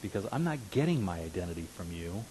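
A man in his fifties preaching a sermon as a pastor, earnest, dropping to hushed asides and rising to emphatic declarations. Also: low voice, big pitch swings, fast talker, a little hiss or hum, rough recording. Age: 50s.

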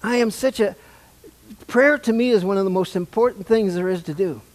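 An older pastor preaches a sermon in a church sanctuary, putting questions to his congregation in a conversational way. His voice is high-pitched and moves at a normal speed.

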